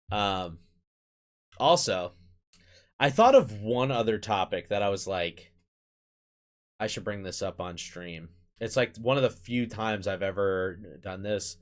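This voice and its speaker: A man's voice: on the low side, clear, resonant tone. A man hosting a casual live stream, rambling along, using lots of fillers and swearing casually.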